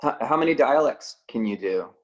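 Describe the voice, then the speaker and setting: A man's voice: mid-range voice, animated, brisk, highs cut off. A man actor on a panel video call, speaking hesitantly with many "uh"s. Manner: hesitant, lots of uh.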